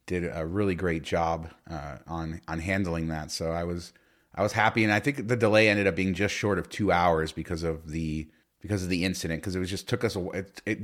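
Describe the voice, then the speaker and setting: A man with a lowish voice tells a long story in a relaxed podcast chat. He rambles, restarts and fills pauses with "uh" and "like" as he goes. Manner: rambling storyteller with many fillers. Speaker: podcast co-host. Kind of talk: casual chat.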